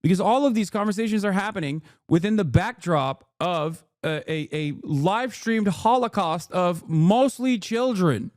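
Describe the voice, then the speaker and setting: Angry profane man ranting, high voice. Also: animated, moderate pace, few pauses, dry recording, clean studio sound. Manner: heated, profane, shouting bursts. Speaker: political commentary streamer.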